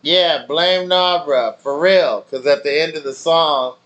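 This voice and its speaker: A man's voice: fairly high pitch, a little slow, a bit bright, muffled recording. A man streaming, telling rambling stories in loose slang with plenty of swearing. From family in Nigeria. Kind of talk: casual chat with stream viewers.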